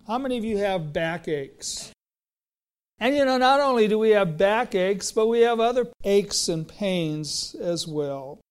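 Middle-aged man, pastor, sermon, high voice, unhurried, emphatic repetition. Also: a little mellow. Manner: slow, emphatic preaching with repeated phrases.

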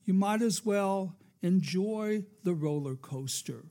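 Gravelly high-voiced preacher, slow delivery. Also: male voice, lively intonation, mellow. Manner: preacherly, rising and falling for emphasis, calls for amen. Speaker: pastor. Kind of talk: sermon.

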